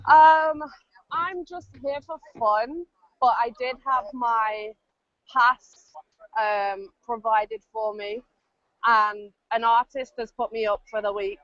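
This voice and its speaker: A chatty British woman tells stories and laughs easily. Her voice sits a little high. The sound is dry and dull, like a lo-fi call. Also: slow pace, a bit bright, dry recording. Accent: British English. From Britain. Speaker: podcast co-host. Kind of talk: casual chat.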